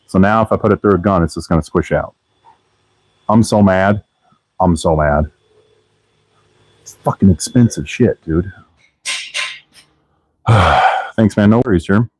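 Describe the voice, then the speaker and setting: A man's voice: deep voice, a little mellow, no echo. A man hosting a casual live stream from his car restoration garage, chatting loosely with viewers in profanity-heavy shop talk. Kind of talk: casual live-stream chat while working.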